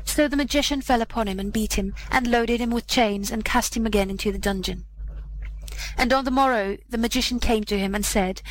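Brief: a woman storyteller, measured, slightly high, reading a classic fairy tale. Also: a little hiss or hum, low-quality recording. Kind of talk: fairy tale read aloud.

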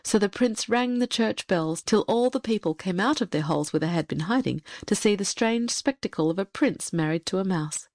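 A woman reading a fairy tale aloud in a gentle, measured storybook narration. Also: mid-range voice, animated, dry recording, studio quality. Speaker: audiobook reader.

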